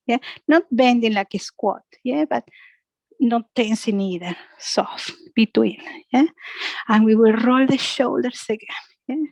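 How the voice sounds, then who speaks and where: A woman guiding a yoga class with soft, slow cues and a frequent questioning "yeah?", speaking English as a second language. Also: a little high, no echo, poor audio. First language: Spanish. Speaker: yoga instructor.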